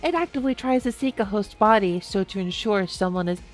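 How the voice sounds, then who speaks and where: A man voicing a calm, menacing male robot who once hosted a strange power, explaining things in a smooth villain monologue. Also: high-pitched, a little fast, faint music behind. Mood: ominous.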